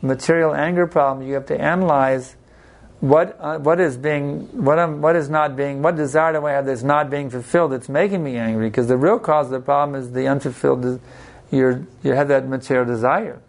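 Male religious teacher, gravelly mid-range voice, unhurried plain-spoken delivery with anecdotes. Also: medium pitch, fairly even intonation. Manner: unhurried, plain-spoken, tells personal stories. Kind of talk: devotional scripture class talk.

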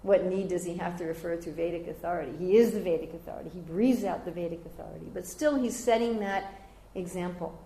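An older woman giving a devotional scripture class, telling stories lively and raising her voice high whenever she quotes others. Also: fast talker, hardly any pauses. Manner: animated storyteller, jumping high when quoting others. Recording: roomy echoey room.

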